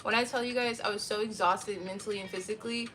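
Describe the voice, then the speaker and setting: Bright-voiced woman telling a wild story. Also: mid-range voice, quick pace, soft background music. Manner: animated, profane storytelling. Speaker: live streamer. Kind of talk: casual chat to stream viewers. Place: at home.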